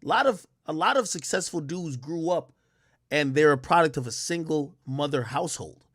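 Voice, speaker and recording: A man hosting a reaction stream, talking casually and explaining his view as he goes. His voice sits a little high for a man, and the recording is close and dry with no room sound. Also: lively intonation, normal speed, fairly bright tone, husky, dry recording. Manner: casual, explanatory, repeats "you know" and "like". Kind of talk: casual commentary on a clip.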